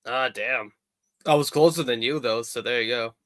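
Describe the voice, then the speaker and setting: A man takes part as a contestant in a casual quiz on a stream, teasing the host as he guesses. His voice is bright and sharp, and it sits in the middle of the male range. The sound is dry and close. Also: medium pitch, moderate pace, dry recording. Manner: joking, teasing.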